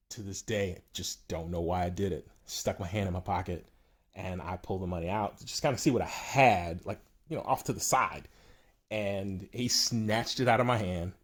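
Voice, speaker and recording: Deep-voiced man telling a rambling story. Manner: rambling, self-amused storytelling with restarts. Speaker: yacht broker. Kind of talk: personal anecdote to camera.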